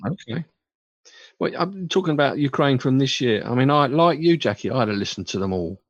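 A male radio host chats casually, giving blunt, dismissive verdicts with frequent ums and restarts. His voice sits at a middling pitch. The studio sound is dry and a little dull. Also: lively intonation, brisk, dry recording. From England. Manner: blunt, dismissive reviews, lots of fillers. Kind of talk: casual chat on a radio show.

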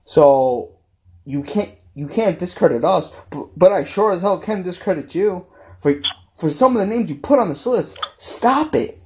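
A man's voice: high-pitched, expressive, unhurried, darkish tone. A male podcast host ranting angrily about football, repeating himself and swearing. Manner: angry, repetitive, profane ranting. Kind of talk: ranting sports podcast talk.

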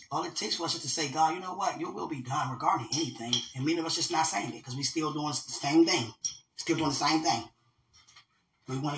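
A man's voice: a little high, pushed and bright, slight background noise. A man talking casually to his viewers while he cooks at home, earnest and religious, rambling and laughing often. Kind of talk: casual livestream chat while cooking. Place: home kitchen. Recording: roomy echoey kitchen, faint dish clatter.

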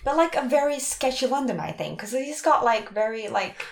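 An animated young woman telling a story in casual chat, her voice fairly high and swinging widely up and down. She talks in quick, chatty bursts packed with "like" and acts out what people said. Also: vocal fry. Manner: animated storytelling, acts out quoted lines with lots of "like". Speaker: guest telling a dating story.

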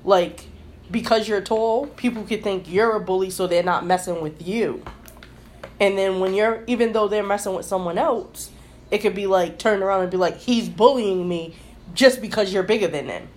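A woman's voice: medium pitch, steady tone, moderate pace, darkish tone, a little hiss or hum. A woman hosting a casual podcast discussion, asking questions and arguing her points in a conversational way. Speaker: podcast host.

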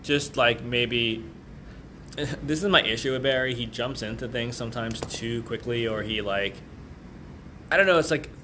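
A man co-hosting a podcast in casual chat, playful and animated, acting out characters with silly voices. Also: mid-range voice, measured pace, a little hiss or hum. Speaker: podcast co-host.

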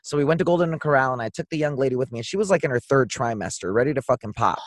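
A man's voice: medium pitch, racing, no room sound. Easygoing man from Colombia, dry sound. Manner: easygoing, agreeable, lively storyteller. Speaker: podcast host. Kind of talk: casual podcast chat.

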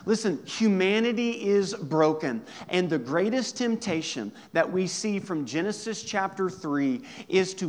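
Man preaching, pitch on the high side. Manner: conversational preaching, animated asides. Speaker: pastor. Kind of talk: sermon.

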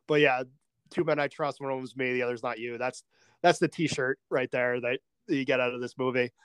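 A man co-hosting a casual movie podcast, relaxed and chuckling, peppering his talk with "like". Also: mid-range voice, fairly quick, clear, resonant tone, no room sound. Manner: relaxed, chuckling, uses "like" a lot. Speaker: podcast co-host.

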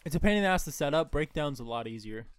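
A man's voice: a little high, animated, fast talker, smooth, no echo. A young man telling work stories in casual chat, laid-back and swearing freely.

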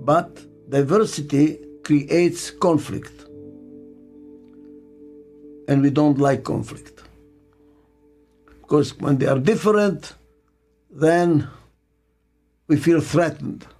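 Slow, emphatic older man speaking. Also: fairly high pitch, a little mellow, soft background music. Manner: slow, emphatic, repeats key phrases. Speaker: motivational speaker and author. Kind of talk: motivational talk.

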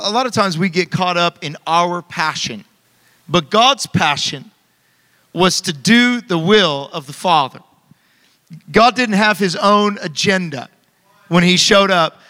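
A man in his thirties preaching with energy, his voice high and bright. He keeps calling on the congregation to answer back. A long hall reverb trails behind him. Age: 30s. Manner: energetic, calls for congregation responses. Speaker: pastor. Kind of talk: sermon.

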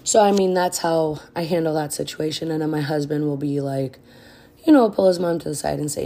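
A woman with a low, dark, mellow voice gives casual podcast advice, frank and direct with plenty of fillers. She sounds out of breath the whole time. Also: brisk. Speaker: podcast host.

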